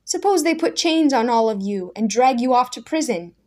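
A scornful young man on the edge of tears, as a woman reads him out in a storybook, loud and pleading. His questions come fast and hard, pitched a little higher than the steady voice around him. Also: close to an everyday voice. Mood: scornful, desperate.

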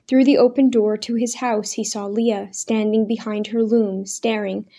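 Warm-toned woman narrating an audiobook. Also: a little high. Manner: measured, expressive reading. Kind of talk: scripted narration.

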